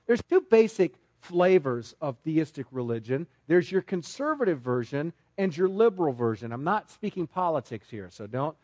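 A man's voice: high-pitched, darkish tone, dry recording. A man preaching a sermon to a congregation, emphatic and full of rhetorical questions, often restarting his words. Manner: frequent repeated restarts. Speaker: pastor.

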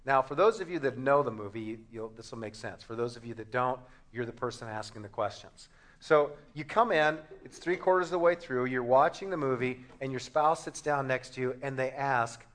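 A man's voice: medium pitch, fairly quick, fairly bright tone. A man, a pastor, preaching a sermon to a congregation in a conversational, joking way with frequent restarts. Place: church before a congregation.

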